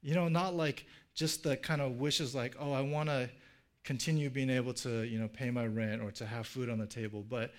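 A man's voice: medium pitch, steady tone, moderate pace. A middle-aged man preaching a sermon in a casual storytelling way, full of fillers and restarts, lifting his voice for the people he quotes. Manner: acts out quoted speech in a livelier voice. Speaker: pastor.

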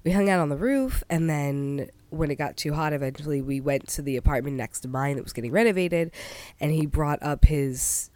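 This woman's voice is low-pitched and a little mellow, moving at normal speed. Young and suffering from a cold, she tells a humorous story in casual chat, constantly breaking into laughter and peppering her speech with "like."

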